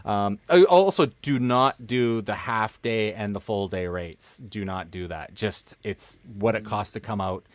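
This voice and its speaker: A man's voice: on the low side, a little slow, few pauses, no room sound. A man co-hosting a live podcast from home, chatting casually and joking as he thinks aloud. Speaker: podcast co-host. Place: home in Japan, streaming live.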